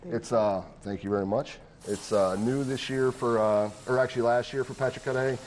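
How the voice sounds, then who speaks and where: A man demonstrating a recipe as a guest chef on a TV set, talking with many pauses and fillers. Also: mid-range voice, fairly even intonation, darkish tone, a little hiss or hum. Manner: hesitant, full of uh and um. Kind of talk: cooking demonstration. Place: TV studio kitchen set.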